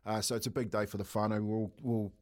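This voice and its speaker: A man's voice: fairly low pitch, little pitch movement, fast, darkish tone. Laughing middle-aged New Zealand man. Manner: chatty, laughs often, says "mate" a lot. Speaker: radio co-host. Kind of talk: casual radio banter and storytelling.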